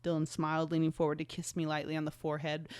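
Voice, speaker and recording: A woman's voice: low voice, monotone, quick pace, darkish tone, clean tone, no room sound. A young woman hosting a podcast, reading her own fanfiction aloud with sarcastic commentary, swearing often and laughing at herself. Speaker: podcast host.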